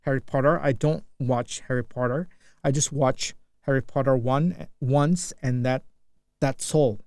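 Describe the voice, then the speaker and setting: Halting Indonesian-accented man practicing English. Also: mid-range voice, fairly even intonation, a little mellow, dry recording, clean studio sound. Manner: halting, many restarts and fillers while searching for words. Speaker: English learner. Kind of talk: unscripted speaking practice monologue.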